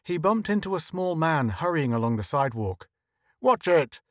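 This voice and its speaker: A man narrating a story in a measured, even audiobook reading. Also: a little high, no echo, studio quality. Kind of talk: scripted narration.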